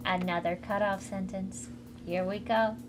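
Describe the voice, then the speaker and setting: A woman's voice: mid-range voice, steady tone, a little slow. A woman on a livestream, chatting casually and giggling while she reads comics and thanks donors. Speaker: streamer reading comics aloud. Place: home room. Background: faint music, dryer running.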